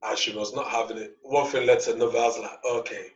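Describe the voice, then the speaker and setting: A man's voice: mid-range voice, steady tone, fast, recorded from a distance. A young man tells a rambling story on a casual podcast, stumbling over his words and acting out the dialogue. He sits back from a dull, lo-fi mic in an echoey room. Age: young adult. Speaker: podcast co-host.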